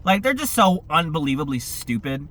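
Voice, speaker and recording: A young man giving a casual, profane, exasperated movie review, talking in an animated way. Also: a little high, normal speed.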